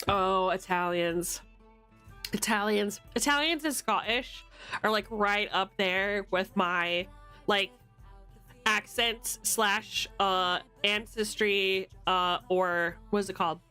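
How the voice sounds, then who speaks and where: A young American woman streaming from her desk at home, chatting loudly and casually with viewers, swearing and laughing easily. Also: mid-range voice, clear, resonant tone, soft background music. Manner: loud, chatty, swears freely, quick to laugh. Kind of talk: casual livestream chat with viewers. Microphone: streaming mic.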